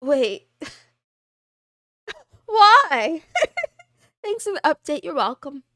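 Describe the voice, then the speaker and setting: A woman live streamer chatting casually and greeting her chat, giggly and excitable. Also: high-pitched, unhurried, no room sound, studio quality.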